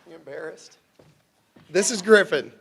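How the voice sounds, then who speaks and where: A man's voice: high voice, animated, measured pace, vocal fry. A man speaking at a family dedication, emotional and chatty as he introduces his relatives. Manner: emotional, warm-hearted, loose and chatty. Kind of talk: informal ceremony remarks, introducing family. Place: ceremony venue with family and children. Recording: crowd chatter and noise at a live event.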